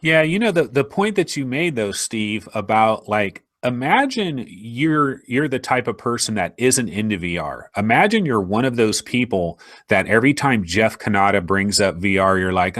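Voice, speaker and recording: A man hosts a casual podcast in a fairly low voice. He talks in an animated way and slips into quick voices for imagined listeners. The sound is dry and close. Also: dry recording. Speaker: podcast host.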